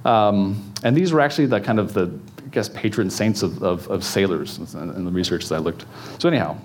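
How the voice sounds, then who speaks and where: A man's voice: fairly low pitch, brisk, slight background noise. Chatty male pastor, joking with congregation. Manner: chatty, joking, many fillers and restarts. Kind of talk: casual sermon teaching. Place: church in front of a congregation.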